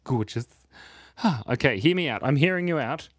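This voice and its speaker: A man's voice: medium pitch, expressive, moderate pace, dry recording, studio quality. A man live-streaming himself drawing, chatting playfully and rambling with his viewers from his home in Australia. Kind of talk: casual livestream chat while drawing.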